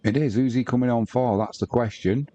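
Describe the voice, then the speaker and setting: A man's voice: mid-range voice, fairly quick, mellow, no room sound, muffled recording. A man from the UK hosting a live match watch-along, chatting casually and reading viewer comments aloud with banter. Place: at home.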